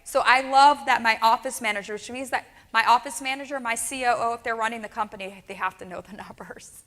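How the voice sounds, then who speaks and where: A woman from New Orleans delivers a motivational keynote with a bright, forceful voice pitched a little high. She keeps the room with her through lively storytelling and quick "right?" check-ins. Her voice rings out with the long reverb of a large hall. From New Orleans, USA. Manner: energetic storyteller, asks the audience, frequent "right?" and "okay?". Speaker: keynote speaker, dental practice coach.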